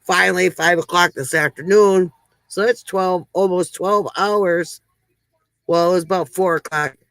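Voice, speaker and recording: A woman's voice: fairly low pitch, measured pace, a bit bright, dry recording, rough recording. A woman hosting a casual livestream, chatting with viewers, greeting them by name and telling corny jokes. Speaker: livestream host.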